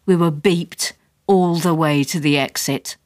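A woman's voice: sits low, fairly even intonation, a little slow, a little mellow, no room sound. Wry woman narrating a story. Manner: wry, dry comic storytelling.

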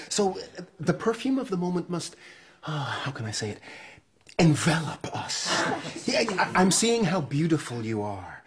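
An actor with an American accent playing a hesitant, polite stage actor in a period drama. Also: male voice, medium pitch, a little hiss or hum, close to an everyday voice. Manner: hesitant, polite, restarts often. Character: earnest American stage actor, man, eager to please. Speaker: lead actor.

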